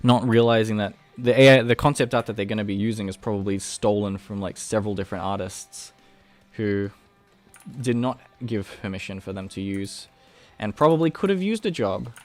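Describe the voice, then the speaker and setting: A man's voice: fairly low pitch, normal speed, soft background music. A young man with an Australian accent, chatting casually on a live stream as he animates, rambling with many fillers and restarts. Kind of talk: casual livestream chat.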